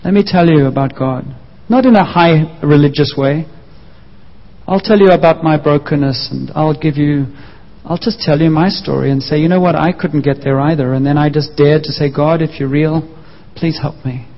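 In a church, a man with a fairly high voice delivers a sermon at a moderate speed, earnestly recounting his personal story. The sound is muffled and echoes through the church hall.

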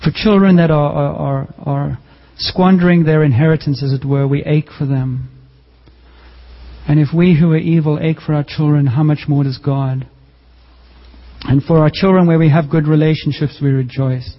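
A man's voice: a little high, fairly even intonation, normal speed. A man preaching a sermon in an earnest, pleading way, sometimes acting out the voices he quotes. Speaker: pastor. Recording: dull sound in a reverberant hall.

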